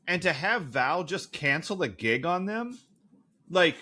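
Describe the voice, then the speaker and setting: A man's voice: a little high, big pitch swings, unhurried, bright, forceful tone. A man co-hosting a podcast, recapping a TV episode in a casual, profane, sarcastic way. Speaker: podcast co-host.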